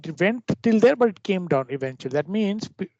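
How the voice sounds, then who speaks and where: A man with a fairly high voice walks through a trading lesson, stopping and restarting his sentences as he explains. The recording sounds dull and lo-fi, dry with no room around it. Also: expressive, darkish tone, no room sound. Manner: halting explanations with frequent restarts. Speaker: trading teacher. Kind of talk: screen-share trading lesson.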